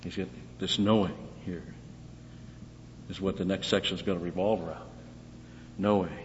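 Low-voiced man teaching scripture in a hall. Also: fairly even intonation, normal speed, slight background noise. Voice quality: conversational, asks and answers own questions. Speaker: Bible teacher. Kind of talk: verse-by-verse Bible teaching. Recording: dull recording with long hall reverb.

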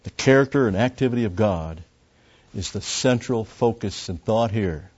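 A man's voice: fairly low pitch, animated, normal speed, darkish tone, husky, muffled recording. A man preaching a Bible teaching sermon, explaining a passage step by step and repeating key phrases. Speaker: pastor.

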